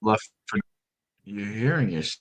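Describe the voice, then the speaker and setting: A man's voice: lowish voice, big pitch swings, slow, dry recording. A man on a stream call, chatting casually and testing his audio while it breaks up. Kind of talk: casual chat.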